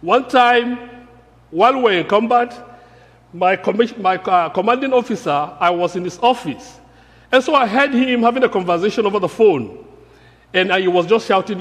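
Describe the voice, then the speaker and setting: Earnest preacher from Africa, high voice, sermon in a reverberant church. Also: male voice, normal speed. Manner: earnest, emphatic, repeating key phrases.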